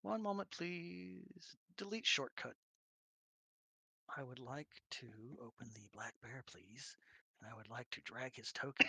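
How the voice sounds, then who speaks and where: A man's voice: medium pitch, a little slow, creaky, pushed and bright, no room sound. A man running a tabletop game, chatting casually and muttering to himself while fiddling with settings. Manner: muttering to himself, jokey and distracted. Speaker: game master.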